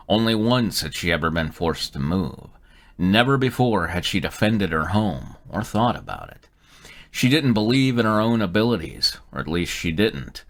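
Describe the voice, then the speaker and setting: A man's voice: deep voice, fairly bright tone. A man reading fan fiction aloud on a live stream, sometimes stumbling and correcting himself mid-sentence.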